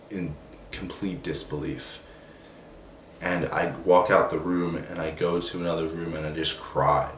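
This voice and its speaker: A young man telling a personal story in a subdued, emotional way, halting with many restarts and fillers. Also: low voice, a bit bright. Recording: roomy echo, distant from the mic, faint noise.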